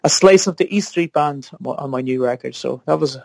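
A man's voice: fairly high pitch, moderate pace, creaky, a little mellow, no room sound. A man, a musician chatting casually in an interview, rambling with restarts. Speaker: musician guest.

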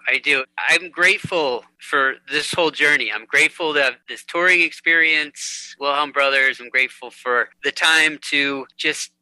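A man's voice: on the high side, moderate pace, few pauses, sharp tone, no room sound, rough recording. A man who is a musician guest in an interview, chatting and telling stories, laughing easily and repeating words. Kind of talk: conversational interview.

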